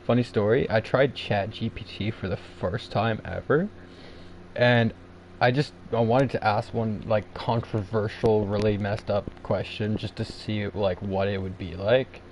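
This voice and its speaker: A man's voice: lowish voice, fairly even intonation, measured pace, a little hiss or hum, low-quality recording. A man from Canada with a Canadian English accent, chatting casually on his livestream. He rambles, cuts himself off and laughs at himself. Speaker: livestream host.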